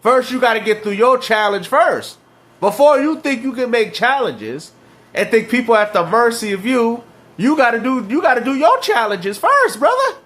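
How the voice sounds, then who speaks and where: A man's voice: very high voice, big pitch swings, moderate pace, a bit bright. A man reacting to clips and ranting about video games, mocking and slangy, laughing at his rivals. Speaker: gaming commentator.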